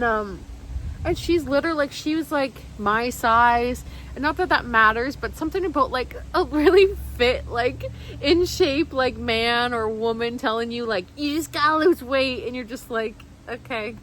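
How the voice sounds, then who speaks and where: A woman's voice: high-pitched, a bit bright, a little hiss or hum, poor audio. A woman vlogger telling a personal story straight to camera, rambling and heartfelt, full of "like" and restarts.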